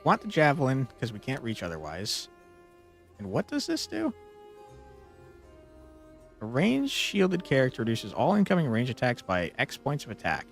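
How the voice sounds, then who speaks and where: Exasperated gravelly gamer over music. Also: male voice, mid-range voice, wildly swooping pitch, moderate pace, pauses often. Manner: exasperated, swears and yells at the game. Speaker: streamer. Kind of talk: gameplay commentary.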